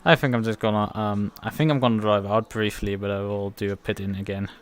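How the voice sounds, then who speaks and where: A man streaming a sim race, thinking aloud in a halting, self-correcting way with a German accent. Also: lowish voice, fairly even intonation. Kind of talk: casual live-stream commentary.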